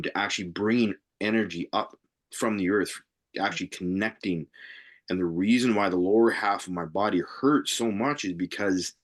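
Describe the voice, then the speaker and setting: A man with a lowish voice talks with earnest conviction, stressing key words as he explains. He sounds like a teacher in an open, conversational live session. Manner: earnest and emphatic, driving points home. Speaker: spiritual workshop co-host. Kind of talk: live Q&A discussion.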